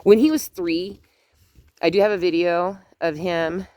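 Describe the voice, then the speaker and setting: A woman's voice: fairly low pitch, fairly even intonation, unhurried, mellow, no room sound. An older woman, a grandmother, chatting casually on her vlog outdoors, telling a family story with laughs and asides. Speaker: vlogger. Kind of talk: casual chat.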